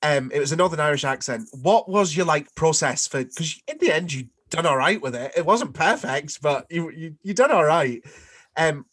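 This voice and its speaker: A man's voice: fairly high pitch, animated, moderate pace, a bit bright, slightly rough, no echo, studio quality. A young man hosting a casual chat, blunt and teasing, with some swearing. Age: young adult.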